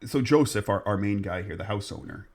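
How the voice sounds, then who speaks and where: A man's voice: on the low side, fairly quick. A man hosting a podcast, telling a ghost story in a rambling, jokey way. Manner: rambling, jokey, restarts often. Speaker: podcast host. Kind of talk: casual storytelling chat.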